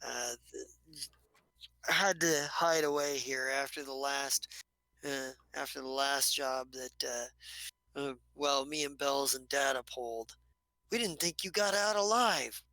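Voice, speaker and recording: A man voicing a wary male outlaw hiding out, who talks in halting, rambling bursts and swears freely. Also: mid-range voice, sharp tone, no room sound. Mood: guarded.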